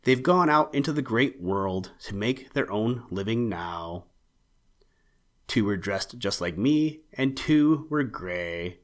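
A curt, proud screech owl, as a male reader puts him on, clipped and a little cross. He speaks in a fairly low, everyday storybook voice. His words come out solemn and sharp. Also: animated, slow. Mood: matter-of-fact. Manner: snappish, solemn.

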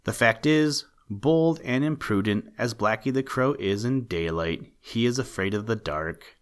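A man narrating a children's animal story in a measured, gently emphatic storytelling manner. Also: mid-range voice, animated.

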